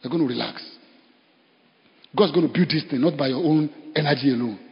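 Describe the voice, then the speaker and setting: Nigerian male pastor, sermon, lively storyteller, slightly raised pitch, long hall reverb. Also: a little fast, gravelly. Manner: storytelling, animated, bursts of laughter. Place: church. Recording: dull sound in a reverberant hall.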